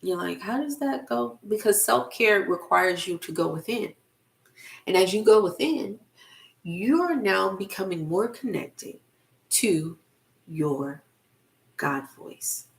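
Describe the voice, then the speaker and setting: With a medium-pitched voice, lively intonation, and vocal fry, a middle-aged woman, a spiritual life coach and motivational speaker, delivers a casual spiritual talk to camera. She goes slowly and emphatically, repeating phrases for effect.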